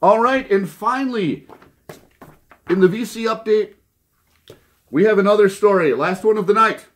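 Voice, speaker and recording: A man hosting a vinyl record channel, telling mock news jokes and chatting about his finds, laughing at his own gags. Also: moderate pace. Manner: goofy, laughs at his own jokes, lively pitch swings. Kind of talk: casual joking news segment and haul chat.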